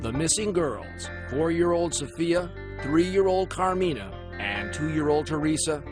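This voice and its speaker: A man's voice: a little high, expressive. A man giving scripted, dramatic narration for a TV news magazine. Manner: measured, dramatic storytelling. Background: music underscore.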